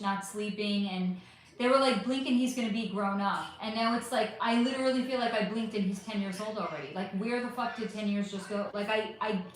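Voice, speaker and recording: Casual woman livestream host, high voice, very echoey room, faint hiss, phone mic. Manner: chatty, rambling, swears casually. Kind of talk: casual livestream chat reading comments. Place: bright living room at home. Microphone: phone without external microphone.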